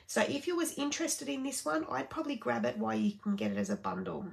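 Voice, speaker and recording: A woman with a fairly high voice and a strong, constant vocal fry. She talks in a relaxed, chatty way as a craft supply demonstrator. Her talk is full of ums and short pauses while she turns the pages. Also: background noise. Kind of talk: casual product sale walkthrough.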